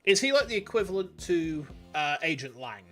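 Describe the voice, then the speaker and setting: A man's voice: on the high side, very animated, moderate pace, pushed and bright, faint music behind. A man with a Yorkshire accent, a VTuber streamer chatting casually and self-deprecatingly over his game.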